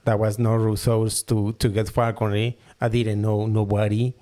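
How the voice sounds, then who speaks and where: A man's voice: fairly low pitch, flat delivery, warm tone. Mexican man telling falconry stories. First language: Spanish. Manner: halting non-native English, repeats words while searching. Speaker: guest falconer and hood maker. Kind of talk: casual interview storytelling.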